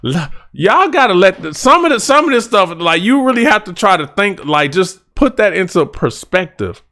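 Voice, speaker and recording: A man's voice: high-pitched, expressive, moderate pace, pushed and bright. A man hosting a reaction channel, talking casually and rambling with restarts as he reacts to a song.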